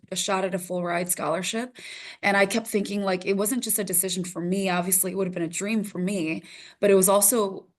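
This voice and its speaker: A woman in her thirties from Minnesota, a news reporter telling her story as a podcast guest, animated and laughing often. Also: medium pitch. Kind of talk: casual interview storytelling.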